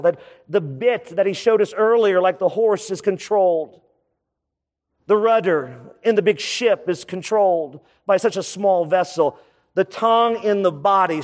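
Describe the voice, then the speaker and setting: A man preaching a sermon as pastor, animated, with many rhetorical questions. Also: a little high, in a large hall.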